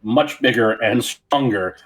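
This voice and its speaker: A man's voice: a little slow, a bit bright, breathy edge, low-quality recording. A man playing in an online tabletop game, describing what his priest character does and slipping into character quotes. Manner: laughs between lines, jumps into high-pitched character quotes. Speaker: player.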